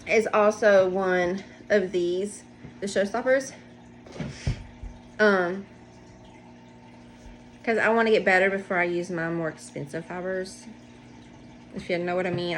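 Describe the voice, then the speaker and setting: A woman chats casually about her projects from home, rambling and poking fun at herself in an everyday middle voice. The recording carries a faint hiss underneath her talk. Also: mid-range voice. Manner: chatty, rambling, self-deprecating. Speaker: knitting podcast host. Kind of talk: casual show-and-tell chat. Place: home, indoors.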